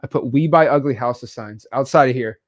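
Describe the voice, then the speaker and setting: A young man in his twenties hosting an interview, jokey and excitable, cutting in often. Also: medium pitch, brisk. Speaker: host. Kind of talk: casual interview chat.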